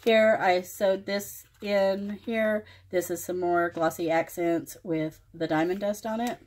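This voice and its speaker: A woman hosting her own craft channel, showing a finished project page by page in plain, unhurried commentary made of short phrases. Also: lowish voice, fairly even intonation, a little mellow, slight background noise. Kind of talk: casual show-and-tell walkthrough.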